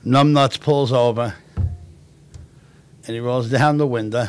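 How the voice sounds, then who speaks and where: A middle-aged man hosting a livestream, telling stories in an animated, laughing way. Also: medium pitch, slow pace, faint music behind. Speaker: show host. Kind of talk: casual storytelling on a livestream.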